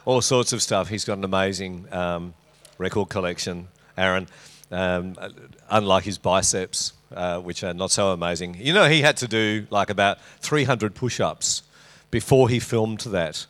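A man's voice: low voice, moderate pace, fairly bright tone. A middle-aged man with an Australian accent, preaching a sermon to his congregation in a church, full of teasing banter and jokes. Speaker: pastor. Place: church auditorium.

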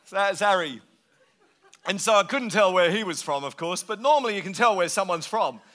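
A middle-aged man preaching a sermon, telling a story in an animated, anecdotal way. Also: high-pitched, fairly quick. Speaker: pastor.

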